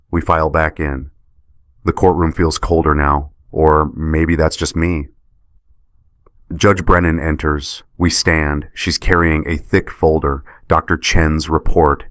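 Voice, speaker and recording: A man's voice: extremely low pitch, no echo, studio quality. A man narrating a scripted first-person story in short, clipped sentences.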